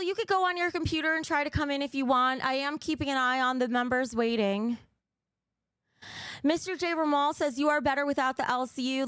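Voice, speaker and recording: A woman's voice: a little high, clear, resonant tone, dry recording, clean studio sound. A young woman streaming live, talking bluntly and cursing as she reads out viewer donations, a little out of breath. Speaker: livestreamer. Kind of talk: casual livestream chat.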